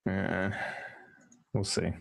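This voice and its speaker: A man's voice: deep voice, completely flat delivery, extremely slow, gravelly. A man playing a tabletop game, hesitant and full of restarts, laughing easily. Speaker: player. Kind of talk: casual tabletop play.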